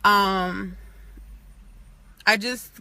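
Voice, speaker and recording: A woman's voice: medium pitch, steady tone, extremely slow, creaky, sharp tone, dry recording. A woman vlogger telling a personal faith testimony in a chatty way, full of "like" and "you know," earnest and at times near tears. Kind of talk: casual testimony on a livestream.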